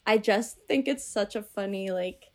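A woman chatting casually about movies with friends, animated and full of "like" fillers. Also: mid-range voice, normal speed.

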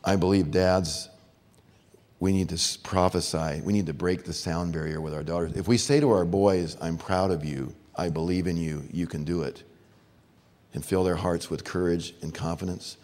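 A man's voice: low-pitched, steady tone, normal speed, a little mellow. A middle-aged man preaching a sermon to fathers, earnest and storytelling. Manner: earnest, storytelling with acted-out voices. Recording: long hall reverb.

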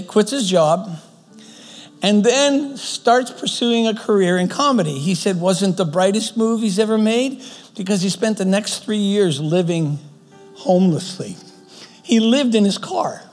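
A man's voice: high voice, expressive, measured pace, darkish tone, long reverb tail, faint music behind. A man preaching a sermon, retelling a story earnestly, often restarting his phrases.

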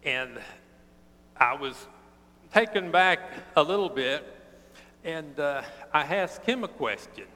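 A man preaching a sermon, telling a personal story in an earnest, plainspoken way and slowing down for emphasis. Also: on the high side, expressive, pushed and bright. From East Tennessee. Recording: long reverb of a large hall.

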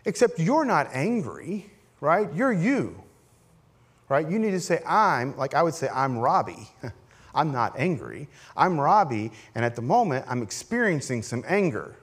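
A man's voice: on the high side, sing-song, measured pace, slightly rough. A middle-aged man preaching as a pastor, in a conversational, self-deprecating way with frequent "right?" asides. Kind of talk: sermon.

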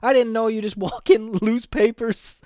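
A man's voice: very high voice, fairly even intonation, measured pace, darkish tone, no room sound, studio quality. A man talking casually and crudely, rambling and laughing often.

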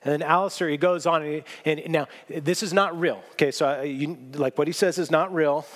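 A man's voice: fairly high pitch, fairly even intonation, normal speed. Earnest male pastor preaching. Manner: earnest, emphatic repetition with restarts. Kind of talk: sermon.

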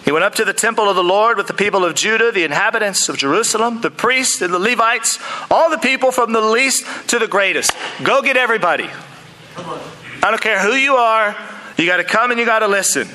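Man preaching in church, high bright voice, jokey asides to the crowd. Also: a little fast, a little hiss or hum, low-quality recording. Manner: lively, joking asides to the congregation. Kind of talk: sermon.

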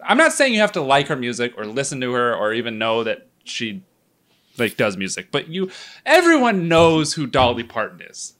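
A man's voice: medium pitch, wildly swooping pitch, normal speed, a bit bright. A man in casual podcast chat, ranting in an exasperated way and swearing freely.

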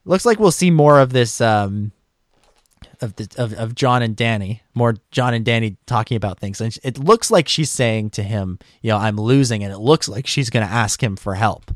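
A man's voice: medium pitch, lively intonation, moderate pace, no room sound, studio quality. A man co-hosting a podcast in casual discussion, talking hesitantly with many fillers and restarts. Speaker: podcast co-host.

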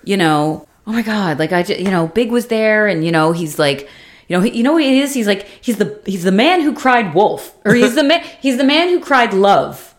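A woman co-hosting a casual podcast chat, recapping a TV series and acting out the characters' lines with big leaps in pitch. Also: normal speed. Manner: animated retelling, acts out quotes with big pitch jumps. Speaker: podcast co-host.

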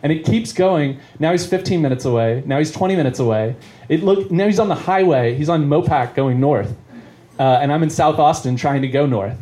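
Performing stand-up at a live venue, this comedian tells a long, rambling story, cutting himself off and chuckling along the way. His voice sits on the high side, brisk yet mellow.

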